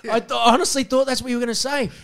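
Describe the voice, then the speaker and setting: A man co-hosting a podcast, slightly hoarse, in loud, animated, swearing banter. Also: very high voice, rapid-fire. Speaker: podcast co-host. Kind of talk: casual chat.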